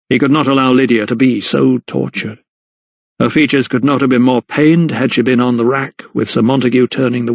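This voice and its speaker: A man narrating an audiobook in a steady, measured reading. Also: mid-range voice, breathy edge, no echo. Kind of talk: scripted narration.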